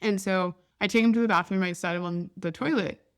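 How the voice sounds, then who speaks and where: Woman, 30s, podcast host: casual, candid storyteller at a mid pitch. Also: fairly even intonation, fairly quick, clean tone. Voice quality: chatty, candid, down-to-earth. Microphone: podcast microphone.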